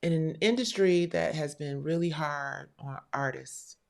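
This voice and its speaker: A woman's voice: low-pitched, unhurried, vocal fry, a little mellow. A woman hosting a live stream show, telling a story in a candid, blunt and profane way. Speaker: livestream show host. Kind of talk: casual livestream talk.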